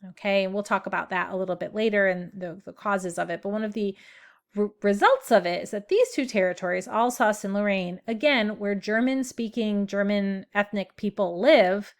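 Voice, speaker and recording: A woman's voice: mid-range voice, normal speed. A woman teaching a history lesson in a casual, chatty way, with many ums and "right?" tag questions. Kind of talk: casual classroom lecture.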